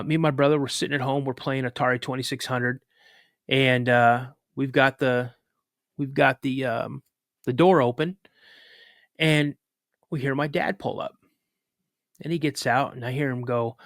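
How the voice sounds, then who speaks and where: A man's voice: mid-range voice, normal speed, pauses often, a bit bright, no echo, clean studio sound. A man from Minnesota, a podcast guest, casually telling a story and acting out his family's voices.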